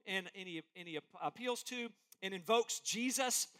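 A man preaching an expository sermon as pastor, emphatic and animated, acting out quotes as he goes. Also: sits high, moderate pace.

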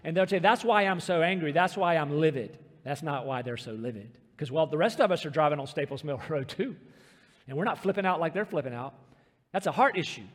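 High-voiced preacher in a reverberant hall. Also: male voice, lively intonation, slightly rough. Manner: emphatic, slows down to stress scripture. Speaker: pastor. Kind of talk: sermon.

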